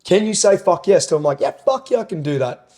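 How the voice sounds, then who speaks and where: A man's voice: a little high, fast talker, mellow. A man co-hosting a fitness podcast as a personal trainer, talking with enthusiasm, rambling a little and swearing casually.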